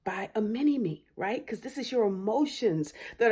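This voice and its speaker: A woman's voice: expressive, moderate pace, few pauses, darkish tone, husky. A woman lawyer giving opinion commentary, making an argumentative case and often asking "right?". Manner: argumentative, frequent tag "right?"; acts out quoted voices with big pitch jumps.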